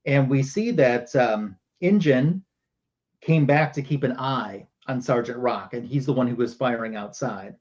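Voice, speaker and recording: A man at a middle pitch talks through a comic book story for his livestream audience. He speaks loosely and conversationally, with many ums and uhs. The audio sounds a little dull and lo-fi. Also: unhurried, a little mellow. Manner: casual storytelling with many fillers. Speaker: show host.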